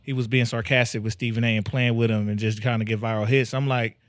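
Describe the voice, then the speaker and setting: A man's voice: mid-range voice, flat delivery, fast, no echo. A young man, hosting a podcast in casual chat, joking, laughing often and retelling stories. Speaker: podcast host.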